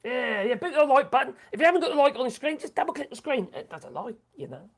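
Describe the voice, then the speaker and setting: A man's voice: extremely high pitch, sing-song, fast talker. A man with a Norfolk accent hosting a casual live stream, reading out viewer comments in a chatty, crude and mocking way, often muttering asides. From England.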